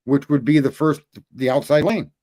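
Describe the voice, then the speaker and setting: A man hosting a podcast, telling long stories in casual chat. He swears freely and rambles, and his voice climbs high when he gets indignant. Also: fairly even intonation, moderate pace, a little mellow. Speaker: podcast host.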